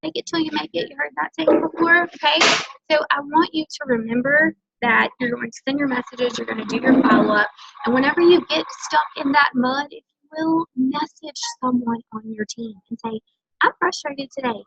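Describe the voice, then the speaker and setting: A woman with a high, bright-sitting voice coaches her sales team in an emphatic motivational talk. She keeps pressing her points and checks in with "okay?" The recording is dull and lo-fi. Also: normal speed, gravelly. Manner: emphatic, coaching, often tags lines with "okay?". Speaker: senior direct-sales team leader.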